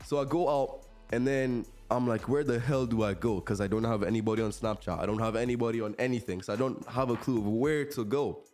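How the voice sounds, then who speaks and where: An eighteen-year-old man hosting a podcast, telling stories from college in a chatty, animated way and laughing often. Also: mid-range voice, fairly quick, faint music behind. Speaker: podcast host, college student. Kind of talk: casual storytelling.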